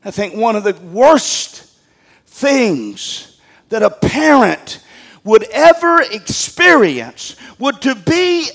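An older man preaches with fervor, his voice sitting unusually high. He is plain-spoken and folksy, swinging from loud, climbing outbursts down to quiet, low asides. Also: very animated, very slow, creaky. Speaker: pastor. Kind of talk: sermon.

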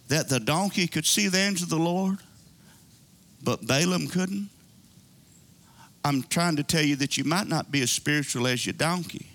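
Male pastor preaching, high bright voice, swoops up and down a lot. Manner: animated preaching, voicing characters and asides. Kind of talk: sermon.

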